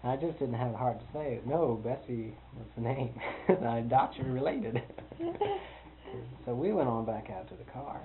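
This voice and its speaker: A man's voice: mid-range voice, animated, moderate pace. Amused man telling a rambling story. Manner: rambling, amused, chuckles often. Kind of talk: personal storytelling. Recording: tinny phone-like with hiss.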